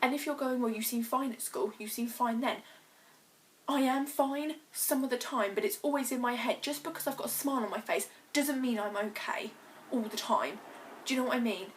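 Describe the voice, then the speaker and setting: A teenage girl, talking emotionally in a personal vlog, halting and earnest, choked up and close to tears. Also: fairly high pitch, a little hiss or hum. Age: teens. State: choked up, tearful. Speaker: vlogger.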